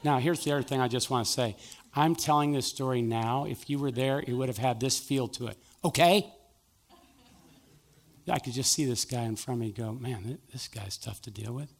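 A man's voice: mid-range voice, steady tone, fairly quick, vocal fry. A middle-aged male pastor preaching a sermon, telling a personal story and acting out both sides of the conversation.

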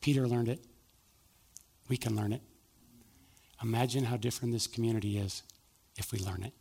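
A man's voice: medium pitch, normal speed, creaky, mellow, husky. A middle-aged male pastor preaching a sermon, telling a personal story and acting out both sides of the conversation.

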